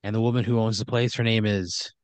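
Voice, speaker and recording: A man's voice: fairly low pitch, fairly even intonation, a little fast, no echo. A man improvising a comedic horror story for a player, talking casually, ramblingly and with profanity. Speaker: storyteller running the game.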